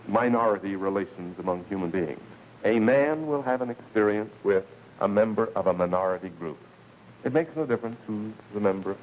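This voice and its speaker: A man giving a televised lecture as a professor, speaking in an earnest, deliberate way with emphatic repetition. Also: on the low side, darkish tone, a little hiss or hum, poor audio. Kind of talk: televised lecture with story reading.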